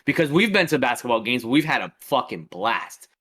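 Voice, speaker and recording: A man's voice: medium pitch, moderate pace, breathy edge. A man, co-hosting a casual podcast chat and telling stories animatedly with plenty of swearing. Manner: animated storytelling, swears freely. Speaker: podcast co-host.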